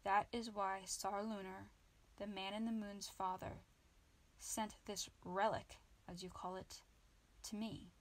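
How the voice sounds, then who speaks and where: A woman's voice: mid-range voice, level tone, slow, natural voice. A woman voicing a solemn, fussy male rabbit warrior who is the last of his kind, in a storybook reading. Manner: fussy, solemn, egg-obsessed.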